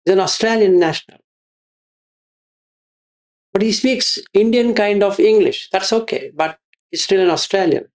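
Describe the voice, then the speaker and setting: A man's voice: high voice, moderate pace, pauses often. A man giving a Buddhist teaching, repeating his phrases and asking rhetorical questions. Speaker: meditation teacher.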